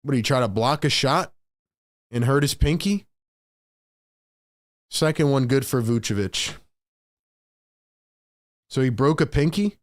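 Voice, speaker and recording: A man hosting a live play-by-play reaction stream. He swings between hyped shouting and frustrated muttering and repeats lines for emphasis. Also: medium pitch, animated, a little slow, pauses often, no echo, clean studio sound. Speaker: sports stream host.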